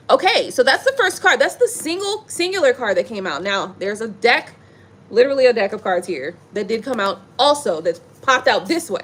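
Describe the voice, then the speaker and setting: Lively high-voiced woman reading tarot. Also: a little fast, husky. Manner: animated, laughing, slangy and playful. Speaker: tarot reader. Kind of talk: casual live tarot reading.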